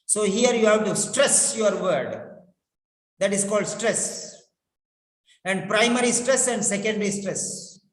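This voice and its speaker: High-voiced man teaching pronunciation, echoey. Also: expressive. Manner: deliberate, repeats words over and over to drill them. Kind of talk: classroom lecture with repetition drills. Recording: echoey room with long reverb.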